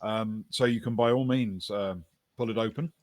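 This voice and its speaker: A man narrating as game master of a tabletop role-playing game, telling the scene in a relaxed way with fillers and the odd chuckle. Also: fairly low pitch, normal speed, dry recording.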